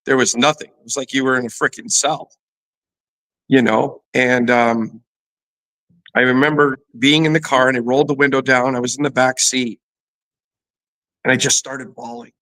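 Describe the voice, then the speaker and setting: Once a pro football player and now a fitness trainer, this middle-aged guest shares a personal story openly in an interview, leaning heavily on "you know." He delivers it flatly at a moderate pace with long pauses, in a slightly bright voice on a rough recording.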